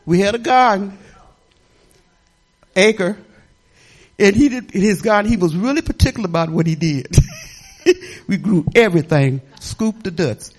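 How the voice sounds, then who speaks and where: Older woman pastor, folksy rambling sermon, chatty and laughing, very animated delivery. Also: medium pitch, a little slow, long pauses.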